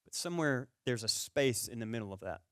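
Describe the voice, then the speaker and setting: A man's voice: medium pitch, a little fast, smooth, dry recording, clean studio sound. A man preaching a sermon as a pastor, talking conversationally, asking the audience questions and acting out stories from his childhood. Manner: storytelling, animated with rising volume in anecdotes.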